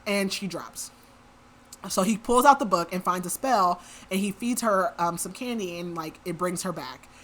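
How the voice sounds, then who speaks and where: Chatty woman with a bright voice. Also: lowish voice, normal speed. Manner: chatty, filler-heavy retelling with many likes. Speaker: podcast host. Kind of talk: casual book recap.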